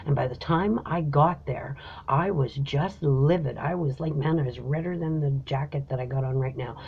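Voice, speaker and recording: Animated woman telling a story, lo-fi. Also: low voice, moderate pace, slightly rough. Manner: animated, emphatic, many fillers. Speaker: host. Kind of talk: casual storytelling. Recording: dull lo-fi recording.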